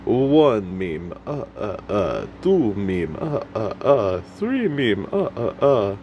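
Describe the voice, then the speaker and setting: A man's voice: on the low side, big pitch swings, slow, highs cut off, a little hiss or hum, heavily acted. A man putting on the voice of a theatrical vampire puppet who counts aloud, drawing out each number like a chant. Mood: counting gleefully.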